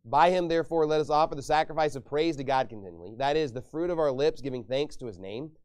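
Guy preaching, kinda high voice, gets loud and punchy on his points. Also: fast talker, clear, resonant tone. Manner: emphatic, rises loud on sarcastic points. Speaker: pastor. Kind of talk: sermon.

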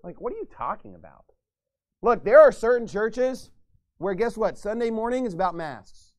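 A man's voice: sits high, very animated, moderate pace. A man preaching a sermon as pastor, ranting and mocking others in put-on voices.

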